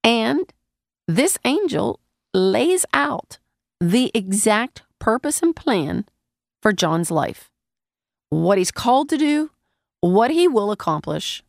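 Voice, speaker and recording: Slow, gravelly woman teaching scripture. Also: mid-range voice, very animated, no echo, studio quality. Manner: conversational, asks the listeners questions. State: speaking with a lozenge in her mouth. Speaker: Bible teacher. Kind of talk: Bible teaching sermon.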